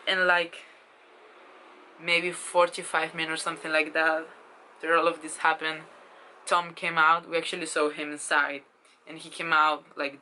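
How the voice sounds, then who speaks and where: A woman in her twenties telling a story in a casual vlog, excited and gushing, with lots of fillers and swearing. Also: low voice, poor audio. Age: 20s. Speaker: vlogger.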